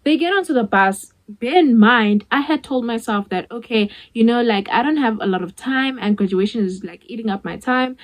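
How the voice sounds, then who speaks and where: A woman's voice: a little high, normal speed, hardly any pauses, rough recording. A young South African woman in her twenties telling a storytime vlog in a chatty way, acting out the dialogue with many "like" fillers. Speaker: vlogger.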